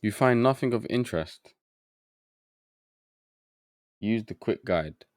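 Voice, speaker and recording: A man streams a game live, his low voice recorded dry and close. He mutters through his confusion, reads bits aloud and talks casually with his viewers. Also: expressive, slow pace, no room sound. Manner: muttering to himself, easily confused, chatty with chat. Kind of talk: live gameplay commentary.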